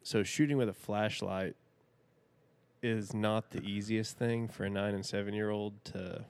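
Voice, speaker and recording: A man's voice: on the low side, fairly even intonation, measured pace, smooth, dry recording. A man in his thirties, a podcast guest telling a rambling, folksy story and laughing often. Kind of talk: casual storytelling.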